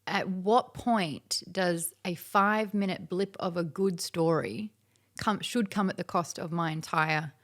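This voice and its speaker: A woman guest in an interview, chatting casually and telling stories with animated, acted-out quotes. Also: fairly low pitch, a little slow. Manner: animated storyteller who acts out quoted dialogue.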